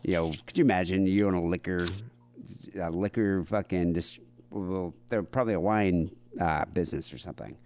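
A man's voice: low-pitched, steady tone, moderate pace, a little mellow, slight background noise. A man co-hosting a podcast, casually retelling a news story with profanity and acted-out quotes. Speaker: podcast co-host. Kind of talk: casual chat.

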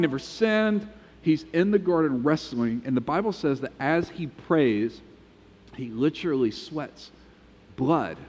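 Man, pastor, sermon, animated storytelling, higher voice, big reverberant church. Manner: animated storytelling, acts out quotes. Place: church sanctuary.

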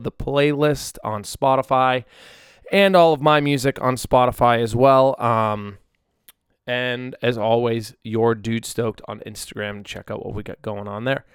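A man's voice: medium pitch, steady tone, measured pace, clean tone, no echo, studio quality. A man in his mid-thirties hosting his own podcast, talking casually and rambling with lots of ums and restarts as he livestreams from a tablet. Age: 30s. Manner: rambling, chatty, many ums and self-corrections. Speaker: musician podcast host. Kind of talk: casual solo podcast chat. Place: home in Nashville. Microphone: tablet and phone livestream.

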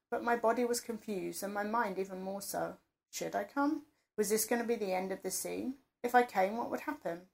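A woman's voice: medium pitch, gravelly. A woman narrating an erotic first-person story in an intimate, confessional reading voice.

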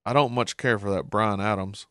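A man voicing a fretful, earnest middle-aged cartoon dad with a strained, high voice. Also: steady tone, moderate pace, fairly bright tone, natural voice. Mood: flustered fan.

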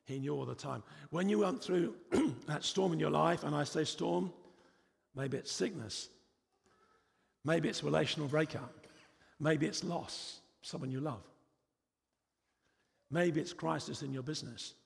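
A man's voice: fairly high pitch, a little slow, gravelly, pauses often, long reverb tail. A man preaching a sermon in a church, emphatic and repetitive, with frequent rhetorical questions.

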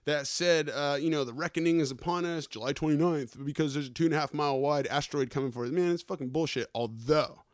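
A man's voice: fairly high pitch, fast, hardly any pauses, no echo, clean studio sound. A man hosting a podcast, ranting through the news in slangy, profane casual talk and tacking "right?" onto his points. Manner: slangy, keeps adding "right?" and "okay?". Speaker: podcast host.

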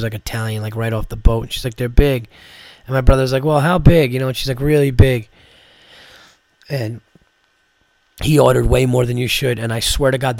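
A New man talks into a close, dry mic, his voice hoarse and a bit sick. He rambles through stories with plenty of swearing. When he gets worked up, his pitch climbs into a ranting, comic tone. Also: dry recording. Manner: profane, storytelling, rants with rising pitch. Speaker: comedian podcast host. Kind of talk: casual chat.

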